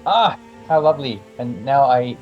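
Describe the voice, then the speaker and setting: A man's voice: medium pitch, expressive, moderate pace, muffled recording, soft background music. A man from Sweden, chatting eagerly as a guest on a gaming stream and often restarting his words. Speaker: game composer, guest. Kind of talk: casual chat over a game session.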